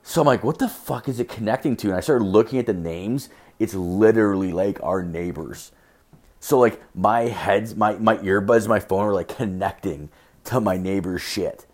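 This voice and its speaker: A young man podcasts solo in a fairly low, slightly mellow voice at a moderate pace. His casual monologue rambles through stories packed with constant swearing and filler words.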